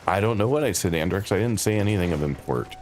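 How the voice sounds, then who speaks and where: Deep-voiced man streaming a game. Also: fast. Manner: relaxed, chatty, talks to chat by name. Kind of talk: casual live-stream chat while playing.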